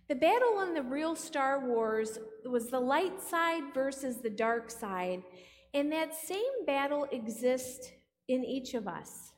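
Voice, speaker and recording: A woman's voice: sits high, big pitch swings, slow pace. A woman pastor delivering a playful sermon, often putting questions to the congregation. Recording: long hall reverb.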